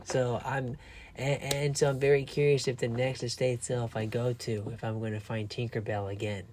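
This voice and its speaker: A man's voice: medium pitch, little pitch movement, moderate pace, a little mellow, a little hiss or hum. A man casually telling a rambling story to his viewers, a little tired, with frequent restarts. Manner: rambling, chatty, with restarts and laughs. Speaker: vlogger.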